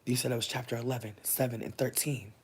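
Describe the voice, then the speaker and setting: A woman in her thirties chatting casually on a livestream, answering viewers' comments, loud, profane and often laughing. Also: a bass voice, steady tone, fast, husky. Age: 30s. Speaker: livestream host.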